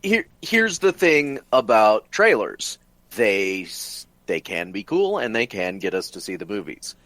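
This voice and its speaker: Lively opinionated podcast co-host man. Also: lowish voice, measured pace, no room sound. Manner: enthusiastic, opinionated. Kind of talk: casual chat.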